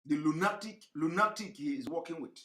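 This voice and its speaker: Man, impassioned livestream commentary, forceful bright tone, preachy, repetitive, roomy echo. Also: fairly quick. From Nigeria. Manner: preachy, repetitive, rhetorical questions, swings between shouting and low tones. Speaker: online broadcaster.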